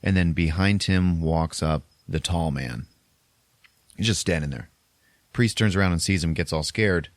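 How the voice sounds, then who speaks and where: A man hosting a podcast and recapping a horror film in a casual way, animated and laughing often. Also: low-pitched, measured pace, no room sound. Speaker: podcast host.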